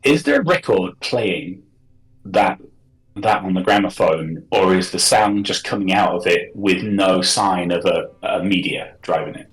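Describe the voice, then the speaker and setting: Very deep-voiced man in a roomy space. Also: expressive. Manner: thoughtful, halting questions. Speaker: player. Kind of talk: casual tabletop play.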